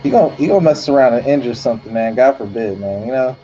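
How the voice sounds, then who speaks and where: A man's voice: medium pitch, lively intonation, quick pace, dark tone, slight background noise. Laid-back man talking wrestling, lo-fi. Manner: laid-back slangy talk. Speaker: podcast co-host. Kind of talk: casual wrestling chat.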